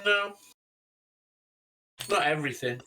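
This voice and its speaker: Slow, bright-voiced British man. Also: on the high side, lively intonation, distant mic, a little hiss or hum. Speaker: model builder. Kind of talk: casual chat while building.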